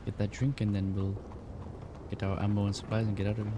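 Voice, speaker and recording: A man's voice: fairly low pitch, level tone, quick pace, background noise. A man talking in character in a roleplay game, easygoing and practical. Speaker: roleplay player. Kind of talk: in-character casual chat.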